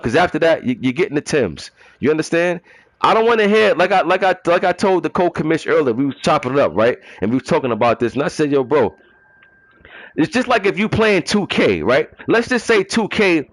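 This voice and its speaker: Animated New man ranting. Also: on the high side, dry recording, rough recording. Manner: emphatic and repetitive, street slang, mocking rhetorical questions. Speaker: gaming league commissioner. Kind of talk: ranting monologue.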